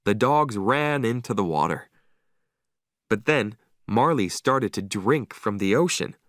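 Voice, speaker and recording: Slow, expressive male story narrator. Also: on the low side, no echo, clean studio sound. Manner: lively, expressive reading. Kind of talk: slow, clear storybook narration for English learners.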